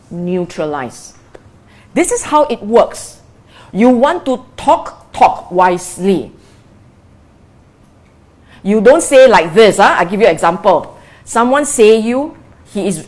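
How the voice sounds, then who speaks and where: A woman's voice: mid-range voice, a little mellow. A woman teaching as a Buddhist meditation teacher in a dharma talk, repeating key phrases and asking rhetorical questions.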